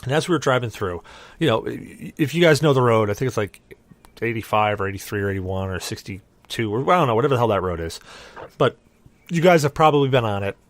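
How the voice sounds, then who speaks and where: A young adult man, the podcast host, telling a rambling, animated story with lots of restarts. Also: medium pitch, fast, no echo. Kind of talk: casual storytelling.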